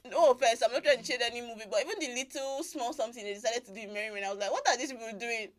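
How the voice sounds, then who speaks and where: Female radio co-host, slightly high voice, chatty and teasing. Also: very fast. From Nigeria. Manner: chatty, teasing, laughs often. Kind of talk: casual chat on a live radio stream.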